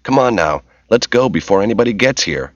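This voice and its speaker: A man's voice: fairly low pitch, expressive, a little fast, no room sound. A man voicing a determined man who gives curt, insistent orders in a crisis, in a dull, lo-fi audiobook recording. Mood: urgent.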